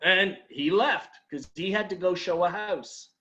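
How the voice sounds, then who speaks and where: A man's voice: high voice, measured pace, sharp tone, dull audio, soft background music. A man leading a sales training talk, telling an anecdote and acting out his customers' lines, with emphatic repeated advice.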